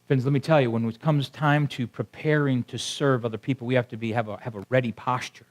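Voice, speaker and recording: Talking fast with a steady tone and medium pitch, a male pastor preaches to the congregation gathered in his church sanctuary. He keeps things conversational, frequently stopping to question the people in front of him.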